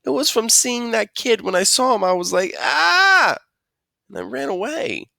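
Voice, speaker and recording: Man doing a squeaky whiny little boy. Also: brisk, creaky, a bit bright, dry recording, studio quality. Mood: eager. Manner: wails and acts out a scream. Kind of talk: storybook read-aloud.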